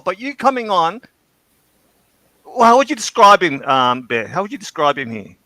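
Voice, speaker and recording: Animated, joking man. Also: high voice, moderate pace, dry recording, low-quality recording. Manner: joking, self-mocking, animated. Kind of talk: joking live-stream banter.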